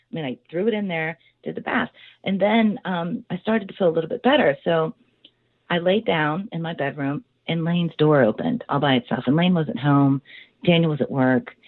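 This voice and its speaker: Low-voiced woman, rambling storyteller, dry tinny phone audio. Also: dry recording. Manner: rambling and animated, with many fillers. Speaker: owner of a haunted house, interview guest. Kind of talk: casual storytelling.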